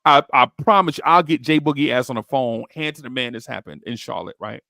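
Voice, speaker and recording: A man hosting a basketball podcast, telling stories in slangy, excitable chat and jumping into high voices when he quotes people. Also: brisk, gravelly, no room sound, clean studio sound. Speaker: podcast host. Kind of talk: animated storytelling chat.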